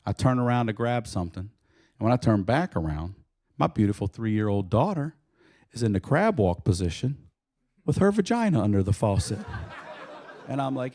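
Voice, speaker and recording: A young man performing a stand-up set about his daughter, jumping into a loud, high squealing voice when he acts out his own yelling. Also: very animated, fairly quick, a little hiss or hum. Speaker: stand-up comedian. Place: comedy club stage.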